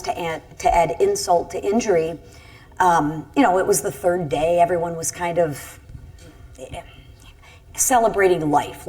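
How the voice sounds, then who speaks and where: Earnest middle-aged congresswoman, slightly low voice. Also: darkish tone. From Michigan. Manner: earnest, candid, self-critical storytelling. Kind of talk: panel discussion, personal story.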